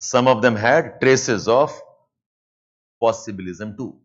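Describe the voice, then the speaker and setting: A man with an Indian English accent teaching a live online class, dictating points and repeating them slowly, with Hindi asides mixed in. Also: mid-range voice, lo-fi sound. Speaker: lecturer.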